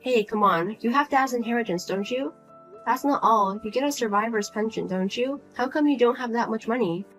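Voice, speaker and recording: A woman's voice: on the high side, brisk, fairly bright tone, soft background music, voice pushed down, natural voice. A woman voicing a single adult daughter who speaks bluntly and coldly to her mother. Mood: firm, exasperated. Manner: blunt, cold, lecturing.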